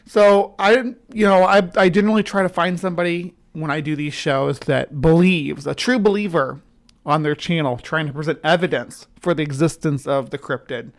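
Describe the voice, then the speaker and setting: A woman's voice: low-pitched, normal speed. A woman with a central US accent, chatting casually and rambling as a livestream host while she greets viewers. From central US, between the South and the upper Midwest. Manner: skeptic.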